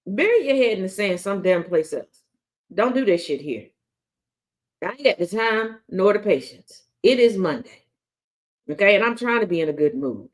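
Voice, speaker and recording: A woman's voice: medium pitch, expressive, moderate pace. A woman hosting a daily news commentary show, talking bluntly and sarcastically with plenty of profanity. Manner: taunting, confrontational. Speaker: host.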